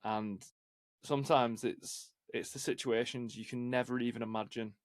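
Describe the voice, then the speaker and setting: A man hosting a podcast interview, asking reflective, measured questions. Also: medium pitch, steady tone, dry recording, clean studio sound. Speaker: podcast host. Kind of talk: conversational interview.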